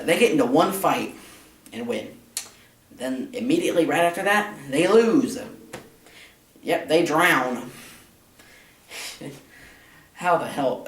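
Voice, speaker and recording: A young man reviewing a film in a rambling, sarcastic way, with many fillers and restarts. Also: fairly high pitch. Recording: echoey room, mic at a distance.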